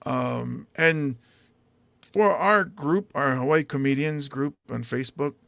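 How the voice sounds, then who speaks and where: A man's voice: medium pitch, slow, creaky, fairly bright tone, no echo. A male stand-up comedian and podcast host chatting casually, rambling through stories with lots of fillers and restarts. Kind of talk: casual chat.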